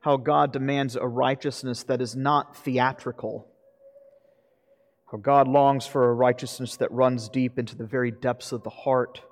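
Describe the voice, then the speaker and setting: A man's voice: medium pitch, steady tone, measured pace. A pastor preaching a sermon earnestly, asking his listeners rhetorical questions. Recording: long reverb of a hall.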